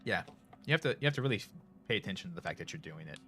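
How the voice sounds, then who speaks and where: Middle-aged streamer, deep voice, Northern US accent, rambly casual chat, faint music under. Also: male voice, very animated, racing, pushed and bright. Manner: rambling, many fillers and restarts.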